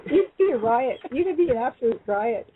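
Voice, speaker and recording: A woman's voice: on the high side, animated, moderate pace, a little hiss or hum. A woman calling in to a talk show, chatty and laughing easily. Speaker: caller. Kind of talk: casual call-in chat. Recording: dry tinny phone line.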